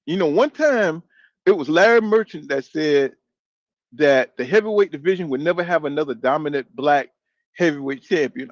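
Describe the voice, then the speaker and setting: A man's voice: on the high side, animated, normal speed, no echo, muffled recording. A man in his fifties hosting a boxing channel, chatting loosely and profanely while reading out viewer comments. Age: 50s. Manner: loose, profane, talks back to chat. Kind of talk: casual live-stream chat reading comments.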